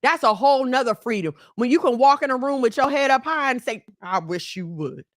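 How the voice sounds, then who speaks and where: A middle-aged channel host with a high-pitched voice bluntly scolds her female audience in preachy commentary, animated and quick to laugh. Her voice is close and dry, with no echo and hardly any room sound.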